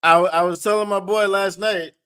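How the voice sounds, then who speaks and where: A man hosting a live sports watch-party stream, often shouting and whooping with excitement and laughing. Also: high-pitched, moderate pace, clear, resonant tone.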